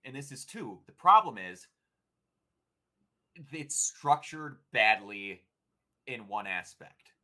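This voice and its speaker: A man with a bright, sharp voice talks games in casual podcast chat, his pitch swinging widely. He is enthusiastic and profane and often restarts sentences. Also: big pitch swings, takes it slowly, long pauses. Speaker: podcast co-host.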